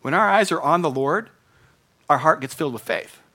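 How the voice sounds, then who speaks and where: A man's voice: a little high, expressive, moderate pace, sharp tone. A middle-aged man preaching a sermon in an earnest, conversational way, rising to bursts of emphasis. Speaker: pastor.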